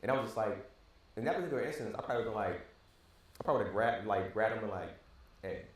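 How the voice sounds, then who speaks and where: A man in a casual podcast chat, talking quickly and rambling through his thoughts with many restarts, heard from some distance from the mic. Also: fairly low pitch, expressive, a little hiss or hum. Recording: echoey room, mic far off.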